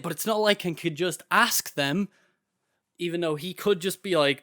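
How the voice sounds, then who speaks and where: A man's voice: a little high, normal speed, bright, forceful tone. A young man co-hosting a podcast, telling a story in a laid-back, casual way. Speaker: podcast co-host. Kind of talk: casual chat.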